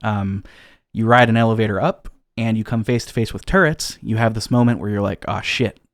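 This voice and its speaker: A man's voice: fairly low pitch, brisk, no echo, clean studio sound. A man co-hosting a casual podcast, recapping a game's story with plenty of fillers and restarts. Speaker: podcast co-host.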